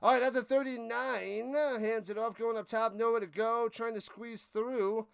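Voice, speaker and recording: Streaming live play-by-play of a football game, a young host with a clear, smooth, high voice keeps things animated and jokey. He gives a friend's channel a shout-out, then laughs after fumbling a player's name.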